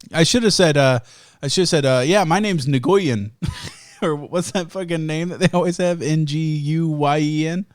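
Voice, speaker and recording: Brief: young male podcast host, swears constantly, rants, slightly high voice, dry close sound. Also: fairly even intonation, normal speed, smooth, no room sound. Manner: profane, ranting storyteller. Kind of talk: casual chat.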